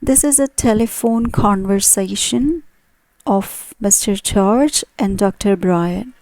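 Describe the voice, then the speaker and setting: Woman, English teacher, unhurried, patient explaining, questions to viewers, dry recording. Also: mid-range voice, a little mellow, no room sound. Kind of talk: grammar lesson.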